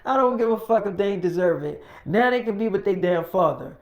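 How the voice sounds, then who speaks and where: Woman putting on a mean trigger-happy dude, louder and higher, swearing nonstop. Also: animated, a little fast, lightly acted. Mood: angry. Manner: cursing, menacing rant. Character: hot-headed ruthless man, loud and profane.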